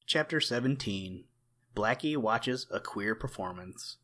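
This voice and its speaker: A man with a low voice narrates a classic animal storybook. His reading is steady and measured, slowing down for chapter titles and little rhymes. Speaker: audiobook narrator.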